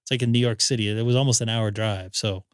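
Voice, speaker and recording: A man's voice: lowish voice, fairly even intonation, quick pace, no room sound, clean studio sound. A man hosting a ham radio live stream, telling rambling stories in casual chat and acting out quotes. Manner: rambling anecdotes with acted-out quotes.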